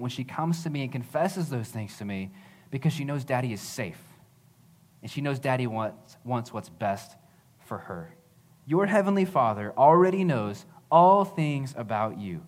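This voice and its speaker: A man in his thirties preaching a sermon as pastor, earnest and conversational, often repeating phrases. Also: mid-range voice.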